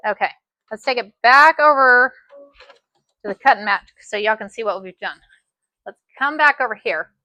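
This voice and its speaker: A woman walks viewers through a sewing project in a live tutorial, chatty and folksy. Her voice is bright and slightly high, recorded close and dry. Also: expressive, normal speed, pauses often, no echo. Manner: chatty, says "y'all" a lot. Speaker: sewing instructor.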